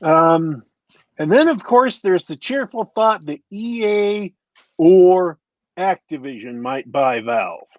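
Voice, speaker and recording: An easygoing man co-hosting a podcast, musing aloud in a relaxed way. His voice sits a bit high for a man, and it sounds dry and close, with dull, lo-fi audio. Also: slow, no echo. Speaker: podcast co-host. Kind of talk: casual chat.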